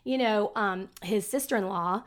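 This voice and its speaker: A woman, casually chatting as a podcast co-host and telling animated stories. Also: medium pitch. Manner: chatty storyteller, animated, quick to act out quotes. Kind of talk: casual chat.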